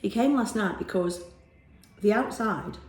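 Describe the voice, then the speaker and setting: A woman's voice: medium pitch, unhurried, a little mellow. Chatty woman. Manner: chatty, rambling, laughs easily. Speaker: shop owner vlogger. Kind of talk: casual video diary. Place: small shop being renovated, indoors. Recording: echoey bare room.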